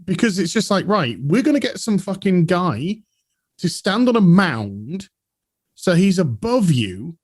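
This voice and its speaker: A British man on a podcast, telling animated, sweary stories and acting out bits of dialogue in casual chat. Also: sits high, a little slow. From United Kingdom. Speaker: podcast guest.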